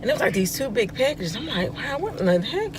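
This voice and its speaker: A woman's voice: a little high, quick pace, background noise. Chatty woman telling a story in a car. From Florida. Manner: chatty, expressive, voice rises for quoted reactions. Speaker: vlog host. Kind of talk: casual storytelling chat. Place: inside a car.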